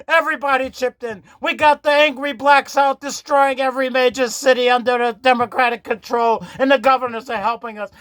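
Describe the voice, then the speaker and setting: A man doing a comic impression of a frantic elderly woman politician who rants, shouts and stammers. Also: very high-pitched, steady tone, a little fast, hardly any pauses, no echo. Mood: furious ranting.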